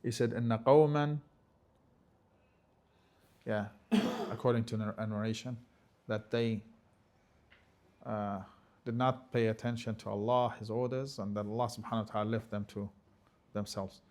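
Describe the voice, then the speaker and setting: A man giving a religious lecture, talking emphatically and sometimes rising to forceful scolding, with Arabic phrases mixed in. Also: fairly low pitch, steady tone, moderate pace, long pauses. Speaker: religious teacher.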